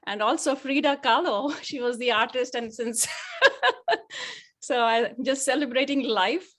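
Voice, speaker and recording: A woman's voice: high voice, measured pace, a bit bright. A woman artist chatting cheerfully on a video call, laughing between phrases. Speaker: participant, artist. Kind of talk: casual chat on a video call.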